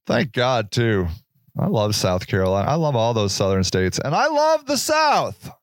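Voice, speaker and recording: A man's voice: sing-song, moderate pace, dry recording, clean studio sound. A man hosting a podcast in a casual, rambling monologue, joking and swearing as he goes. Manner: rambling, profane, jokey, with sudden pitch jumps. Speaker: podcast host.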